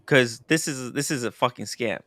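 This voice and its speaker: A man's voice: medium pitch, moderate pace, fairly bright tone. A man hosting a casual chat show, blunt and emphatic, swearing freely. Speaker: show host.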